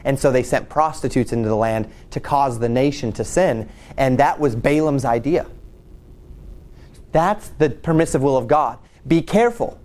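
Here the preacher's voice is a little high and a little mellow as he retells a Bible story in his sermon. His delivery is loose and conversational, with frequent restarts and repetition.

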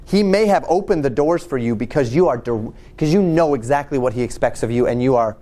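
A man's voice: medium pitch, animated, a little fast, mellow. A man preaching a sermon, retelling a Bible story in a loose, conversational way with frequent restarts. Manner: conversational, storytelling, repeats himself. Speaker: pastor.

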